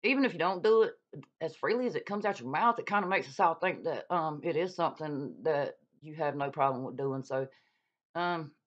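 A woman, ranting on her channel in a blunt, profane, scolding way. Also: sits low. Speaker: YouTube vlogger calling out another creator. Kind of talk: heated casual rant. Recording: dull lo-fi sound.

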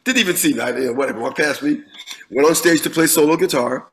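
A guest musician in his fifties tells a lively story during an interview, swearing freely and often restarting with repeated words. His voice is on the high side and quick, and the audio quality is poor.

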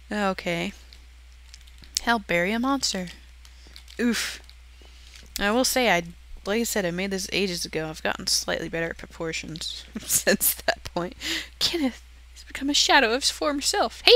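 A young woman chats her way through a game build, giggling and poking fun at herself as she goes. Her voice is bright and a little tense, with a gravelly fry that creeps in at the ends of her phrases. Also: medium pitch, animated, moderate pace, long pauses, no echo. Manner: giggly, self-deprecating, chatty. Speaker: channel host touring her build. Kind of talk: casual game walkthrough commentary.

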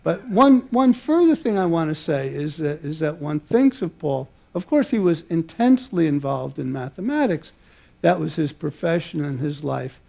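Older man, gravelly, unhurried lecture. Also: on the high side, very animated. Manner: halting, many filler pauses, warm reminiscing. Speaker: mathematician giving a public talk. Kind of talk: public lecture with personal anecdotes. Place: museum lecture hall before an audience.

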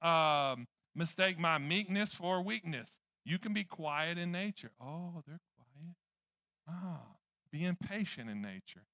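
A man's voice: high-pitched, bright, forceful tone, clear, resonant tone, dry recording. A man preaching a sermon in church, rambling and joking at his own expense. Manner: rambling, joking, self-deprecating.

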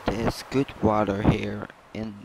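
A man's voice: lowish voice, slow pace, creaky. A man reading a friendly fisherman. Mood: plain reading. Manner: read out flatly, without a character accent. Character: friendly, down-to-earth male fisherman. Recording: loud background noise.

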